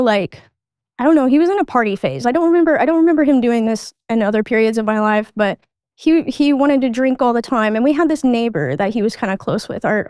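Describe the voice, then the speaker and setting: A woman's voice: a little high, darkish tone, clear, resonant tone, no echo, studio quality. A woman guest recounting her childhood in casual conversational speech, with lots of "like" fillers. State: adult. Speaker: podcast guest. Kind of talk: personal storytelling.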